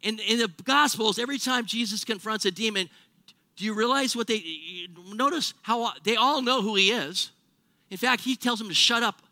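Animated preacher man, bright dry voice. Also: high voice, normal speed, no room sound. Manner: conversational and animated, with sarcastic acted-out quotes. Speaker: pastor. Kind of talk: sermon.

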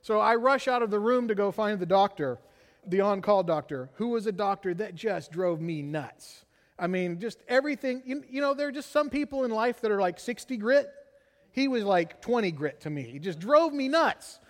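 A middle-aged man preaching a sermon, an animated storyteller who keeps asking "right?" as he tells a personal story. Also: sits high, moderate pace, big-room sound. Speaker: pastor.

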